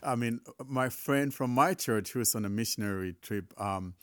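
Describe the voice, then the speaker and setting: Man, casual tech demo host, chatty, laughs easily, middle pitch. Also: moderate pace. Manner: relaxed, chatty, laughs at mishaps. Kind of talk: casual spoken tech demonstration.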